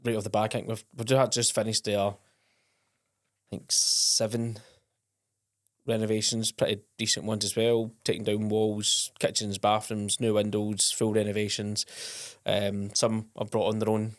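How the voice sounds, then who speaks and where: A man's voice: lowish voice, flat delivery, moderate pace, dry recording, clean studio sound. A man hosting a podcast in casual, rambling chat with many restarts. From Scotland. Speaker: podcast host.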